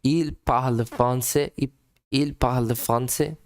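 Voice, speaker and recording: A man's voice: medium pitch, steady tone, measured pace, a little mellow, smooth. Male streamer, casual and self-deprecating, repeats lines, swears, laughs a lot. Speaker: streamer reacting to a French lesson. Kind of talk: casual live-stream reaction.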